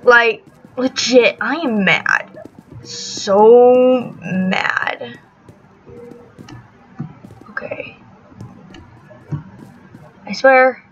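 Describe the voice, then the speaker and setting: A woman's voice: on the high side, extremely slow, pauses often, dull audio, soft background music. A young woman hosting a gaming channel, giving live gameplay commentary, often frustrated, swearing, and laughing at herself.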